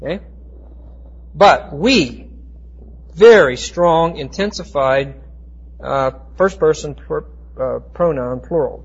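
A man teaching a Bible class, explaining Greek words with emphatic, slowed stress and frequent restarts. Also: a little high, breathy edge. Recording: dull lo-fi recording.

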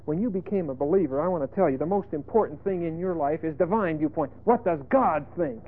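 A male preacher giving a folksy sermon, emphatic, with sudden loud bursts and asides. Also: on the high side, a little fast. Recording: tinny phone-like lo-fi sermon tape.

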